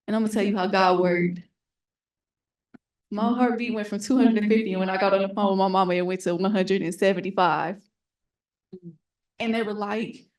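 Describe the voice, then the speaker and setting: A woman's voice: medium pitch, darkish tone. A young woman on a panel, telling her personal story candidly and earnestly, often acting out what people said to her. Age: young adult. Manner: candid, earnest storytelling that acts out remembered dialogue.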